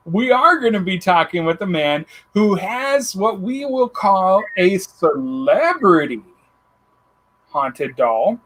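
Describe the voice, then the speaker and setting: A man's voice: sits high, a bit bright, a little hiss or hum. A man hosting an online radio talk show, joking around and laughing often. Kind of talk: casual chat.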